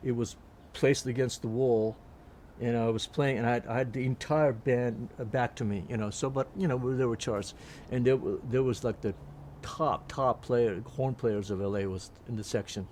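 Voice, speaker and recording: Older man of about 80; mid-pitched, chatty raconteur who restarts his sentences and acts out quotes. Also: moderate pace, slight background noise. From Turkey. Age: around 80. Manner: lively anecdotes, quotes people in put-on voices, frequent restarts. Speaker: jazz pianist. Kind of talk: reminiscing storytelling.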